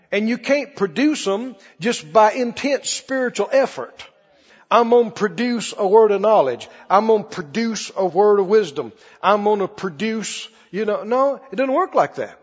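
Older male preacher, folksy storyteller, husky and high, long echo of a big hall. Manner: animated, folksy, shifts from quiet to hollering. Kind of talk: sermon with storytelling. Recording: dull echoey hall recording.

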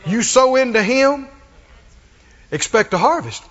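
A man with a strikingly high voice preaches a sermon, pressing each point and calling on the congregation to answer back. The sound is muffled and lo-fi, with a long reverb trailing off the walls of a church hall. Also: big pitch swings, measured pace, a bit bright. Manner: emphatic call-and-response preaching.

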